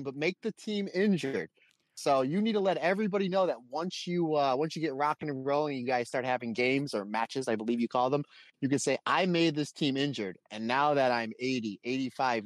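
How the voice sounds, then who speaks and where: A man's voice: mid-range voice, no echo. A man co-hosting a podcast, joking in a friendly way and calling his co-host "my friend". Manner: jokey, friendly, calls people "my friend". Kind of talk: casual podcast chat.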